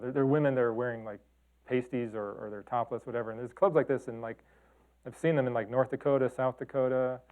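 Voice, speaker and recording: A man's voice: mid-range voice, a little mellow. A middle-aged man from the talking casually about his photographs, rambling with lots of fillers and restarts. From Chicago and Detroit. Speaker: photographer giving a talk. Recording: tinny phone-like sound.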